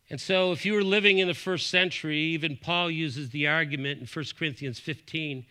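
Bright-voiced animated male preacher. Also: fairly quick, hardly any pauses, clear, resonant tone. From Buffalo, New York. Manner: animated preaching, rising and falling in pitch and volume. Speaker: pastor. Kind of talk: sermon.

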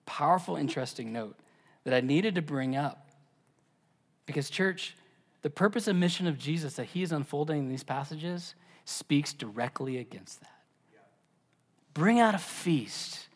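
A man preaching a sermon as pastor, animated, dropping to a whisper for emphasis. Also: a little high, normal speed, in a large hall. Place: church.

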